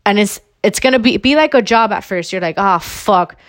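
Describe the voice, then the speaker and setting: A woman's voice: mid-range voice, expressive, a little fast. Blunt swearing woman podcast host. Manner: blunt, swears freely, emphatic repetition. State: a little out of breath. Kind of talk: solo motivational rant.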